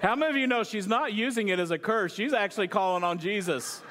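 A man's voice: high-pitched, fast, noisy background. A middle-aged male pastor preaching a sermon with humorous illustrations, conversational, often asking the congregation questions.

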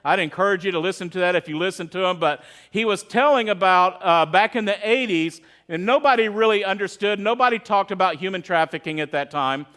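Middle-aged pastor guy, high voice, chatty sermon storytelling. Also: fairly quick, few pauses, fairly bright tone. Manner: storytelling, conversational, with quoted voices.

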